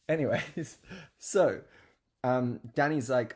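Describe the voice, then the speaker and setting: A man's voice: medium pitch, slow pace, pauses often, a little mellow. A man telling a story in a casual, chatty way, with lots of fillers and laughing asides. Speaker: guest telling an anecdote.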